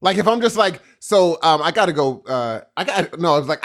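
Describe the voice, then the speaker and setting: A middle-aged man co-hosts a casual podcast. His voice sits a little high and swings widely in pitch. He tells stories in quick, animated bursts. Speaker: podcast co-host. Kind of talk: casual chat.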